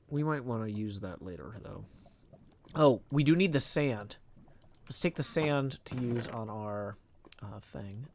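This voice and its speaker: This weary streamer speaks in a lowish voice, casually narrating his live game while muttering softly to himself and reading chat aloud. A little hiss or hum sits under the recording.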